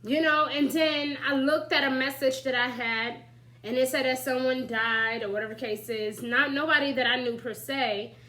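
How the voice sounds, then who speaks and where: A woman's voice: high voice, fairly even intonation, moderate pace, bright, forceful tone, rough recording. A woman giving casual, chatty spiritual advice as an astrology reader, often asking "right?" and "you know?" and laughing lightly. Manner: laughs lightly while talking.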